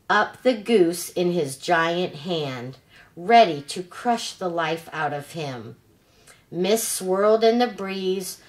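Slow, deliberate woman reading a story. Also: lowish voice. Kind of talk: reading a children's novel aloud.

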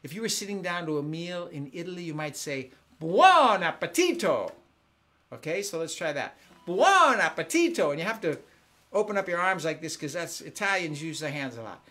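A man hosting a live-streamed family concert, chatting excitedly with viewers at home between songs. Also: fairly high pitch, fast talker. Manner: excitable, chatty, warm with kids. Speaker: family concert singer and host. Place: home in Southern California.

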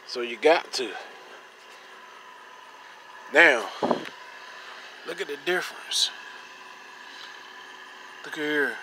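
A man's voice: fairly high pitch, fairly bright tone. Casual man demoing car wax. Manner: repetitive, pointing things out. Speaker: car detailing channel host. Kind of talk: casual how-to demonstration. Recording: noisy ambience, vehicle sounds.

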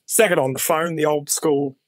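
A middle-aged man with a New Zealand accent, a guest actor on a podcast, telling animated anecdotes in a casual chat with voiced quotes of other people. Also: on the high side, moderate pace, no room sound, clean studio sound.

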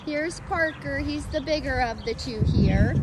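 Woman, dog breeder outdoors; high, unhurried, coaxing sing-song delivery; noisy outdoor recording. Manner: coaxing sing-song talk to dogs, frequent laughs. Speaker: dog breeder showing puppies. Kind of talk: casual outdoor video with pets. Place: outdoors in a yard on a breezy day.

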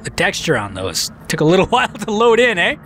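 A man riffing through gameplay commentary, his fairly high voice swinging up and down as he jokes and mocks himself. He taunts enemies on screen in a loose, chatty way, with faint game music under him. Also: wildly swooping pitch, a little fast, a bit bright. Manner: joking, self-mocking, talks to enemies on screen. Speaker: let's play commentator.

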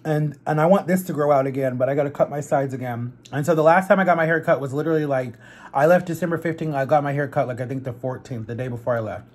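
A young man telling a personal story casually to camera while eating, animated and chatty. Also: fairly high pitch, fast talker. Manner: chatty, animated retelling with quoted voices. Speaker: vlogger.

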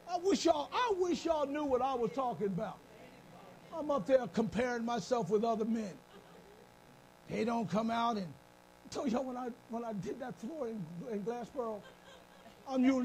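High-pitched gravelly preaching man. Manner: animated, comic, calls out to congregation. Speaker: bishop preaching. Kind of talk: live church sermon. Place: church.

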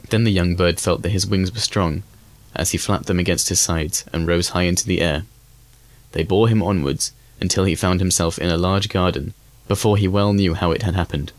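Deep-voiced man reading a fairy tale. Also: no echo. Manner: measured, even reading. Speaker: audiobook reader. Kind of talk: scripted storybook narration.

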